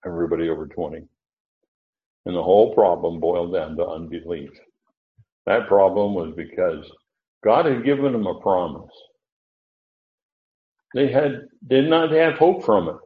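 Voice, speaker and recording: A man giving informal Bible teaching, rambling and correcting himself as he thinks aloud. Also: lowish voice. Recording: echoey, dull lo-fi room recording.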